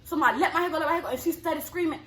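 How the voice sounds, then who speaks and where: A young woman telling a story in casual chat, animated, acting out quotes in a high yelling voice. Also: rapid-fire. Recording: echoey room with clear background noise.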